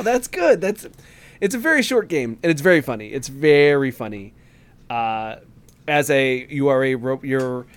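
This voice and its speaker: Rambling man chatting casually on a podcast. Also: medium pitch. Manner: rambling, halting, full of fillers and restarts; acts out game dialogue in quick voices. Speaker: podcast co-host. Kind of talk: casual chat.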